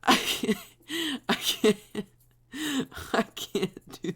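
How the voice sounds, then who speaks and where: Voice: mid-range voice, slow, a bit bright. A gaming streamer commenting on a game while laughing so hard they are in tears, breathless and swearing. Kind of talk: let's play commentary.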